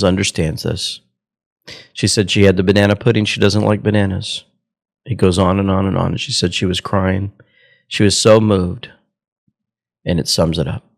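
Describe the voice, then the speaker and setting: A man's voice: low voice, gravelly. A man from Georgia hosting a commentary show. He speaks earnestly and emotionally, calls his listeners folks, and leads a prayer. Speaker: host.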